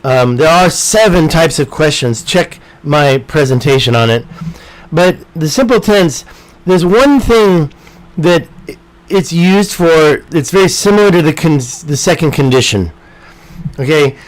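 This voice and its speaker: A man's voice: fairly high pitch, expressive, measured pace, low-quality recording. A man teaching an informal online English lesson, rambling and talking to himself as he edits his slides. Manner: rambling, talks to himself while editing slides.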